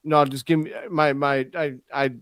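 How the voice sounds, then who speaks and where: A man's voice: on the high side, little pitch movement, normal speed, a bit bright, clean tone, no echo. A man from the United States hosting a casual podcast roundtable, rambling and restarting his sentences. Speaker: podcast host.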